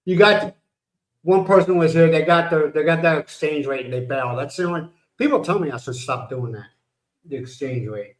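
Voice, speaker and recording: A man's voice: on the high side, normal speed, low-quality recording. An older man from the United States hosting a casual livestream, rambling and blunt, swearing now and then. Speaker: livestream host. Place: home in the Philippines.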